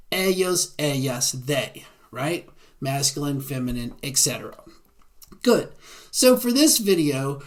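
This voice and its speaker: A man with a Southern American accent giving a beginner lecture, often checking in with a quick "right?". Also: a little high. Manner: frequent tag "right?". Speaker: Spanish teacher. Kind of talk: classroom lecture.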